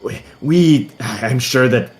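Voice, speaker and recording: Man plays a courteous lizard mage, higher than his own voice, soothing and apologetic. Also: slow, close to an everyday voice. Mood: placating. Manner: smoothing things over, apologetic. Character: male lizardfolk mage, polite and placating.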